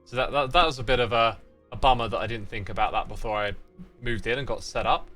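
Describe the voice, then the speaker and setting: A man's voice: mid-range voice, quick pace, bright, forceful tone, faint music behind. A man hosting a casual gaming livestream, reading chat messages aloud and answering them in a playful, teasing way. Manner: playful, teasing fake sign-offs. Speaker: livestream host.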